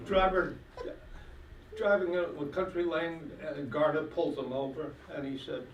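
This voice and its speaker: A man's voice: on the high side, steady tone, measured pace, muffled recording. A man telling jokes on stage at a talent show in a hall, rambling with fillers and putting on voices for the characters. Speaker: stand-up comedian. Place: senior center hall. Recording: echoey hall from far off, faint noise.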